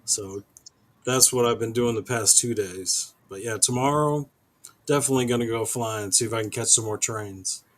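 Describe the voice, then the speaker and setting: A man guest on a live stream, rambling casually with many pauses and restarts. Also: medium pitch, fairly bright tone. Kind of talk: casual chat.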